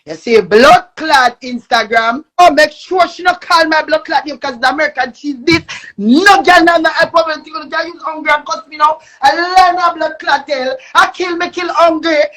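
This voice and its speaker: A young woman with a Jamaican accent ranting angrily on a live stream, cursing and shouting. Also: high-pitched, moderate pace. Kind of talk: angry live-stream rant.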